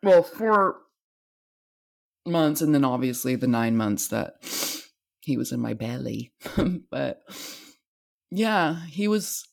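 A woman's voice: extremely low pitch, expressive, takes it slowly, gravelly, long pauses, a little mellow. A young American woman talking on her vlog in a tired, rambling way, swearing freely. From United States. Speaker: vlogger. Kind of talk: candid confessional vlog.

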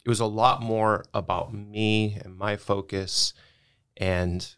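Thoughtful male guest, clear resonant voice on the lower side. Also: steady tone, fairly bright tone. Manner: thoughtful, measured explanations. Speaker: podcast guest. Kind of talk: casual conversation.

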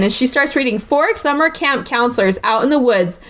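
A woman's voice: high-pitched, animated, normal speed, a bit bright. A young woman co-hosting a podcast, chatting casually as she retells a movie scene by scene, full of likes and okays. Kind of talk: casual chat recapping a film.

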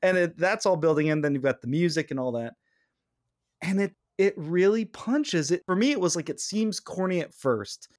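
Speaking at normal speed in a voice a touch higher than most men's, a podcast host chats casually and animatedly, occasionally acting out quoted lines. The sound is dry and close, with no room sound at all.

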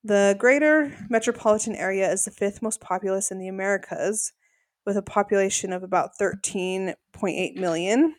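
A woman co-hosting a podcast recaps episodes in easy, casual chat. Her voice sits at a medium pitch. She often slips into animated voices to quote people, and the recording is close and dry with no room sound. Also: normal speed, no echo. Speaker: podcast co-host.

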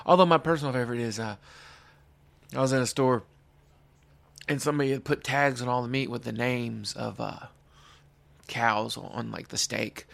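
A man's voice: mid-range voice, expressive, moderate pace, vocal fry, pauses often, dry recording. A young adult man telling a stand-up story, ranting with exasperated profanity. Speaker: comedian.

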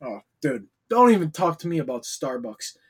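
A young man hosting a casual podcast, relaxed and hesitant, often pausing with filler sounds. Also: on the high side, breathy edge. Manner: relaxed, hesitant with ums and uhs. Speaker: podcast host.

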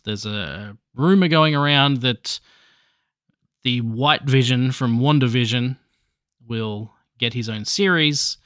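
A man's voice: medium pitch, pushed and bright, no room sound, clean studio sound. A man hosting a podcast alone, chatting casually about movies in a rambling, jokey way with restarts and swearing. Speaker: podcast host.

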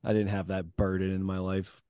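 A man's voice: low-pitched, monotone, a little fast, warm tone, smooth, no echo, studio quality. A man hosting a podcast in casual chat, wry and a little hesitant, with frequent fillers. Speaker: podcast host.

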